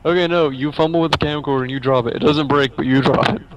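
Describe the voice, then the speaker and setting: A man's voice: fairly high pitch, steady tone, fast, rough recording. A young man narrating as game master of a tabletop horror game in casual, swearing voice chat. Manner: casual, swearing, laughing often.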